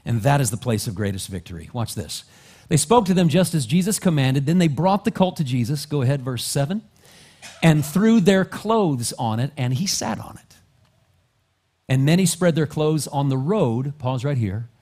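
A male pastor preaching a sermon, dropping to soft, low asides and then climbing into loud, rising exhortation. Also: lively intonation, moderate pace. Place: church sanctuary.

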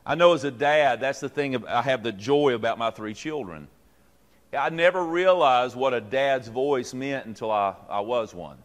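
A man's voice: medium pitch, animated, moderate pace. A middle-aged man, a pastor teaching leaders in a folksy, joking way with many fillers and restarts. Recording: long reverb from a hall.

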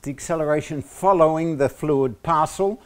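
A man speaking a little high gives a university lecture in an Australian accent. He pauses often on fillers and slips joking asides into the material.

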